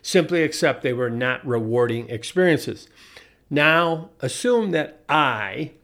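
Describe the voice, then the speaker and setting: A man's voice: fairly high pitch, a bit bright. Wry man telling a sardonic story. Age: 40s. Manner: wry, deliberate, with frequent restarts and asides. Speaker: commentator.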